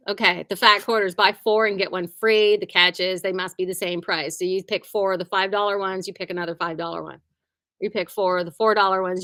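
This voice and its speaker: With a mid-range, sharp-toned voice and no echo, this woman talks about sales at her quilting shop. She's chatty and upbeat, frequently humming and dropping "like" as she goes.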